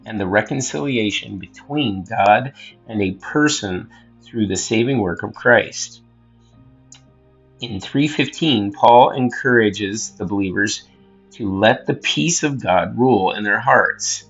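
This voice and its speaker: A man with a fairly low, husky voice reads scripture aloud in a measured, earnest way, breaking off for casual asides to his listeners. The recording sounds dull and lo-fi, with faint music underneath. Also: fairly bright tone. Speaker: host and scripture reader. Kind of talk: scripture reading and word study.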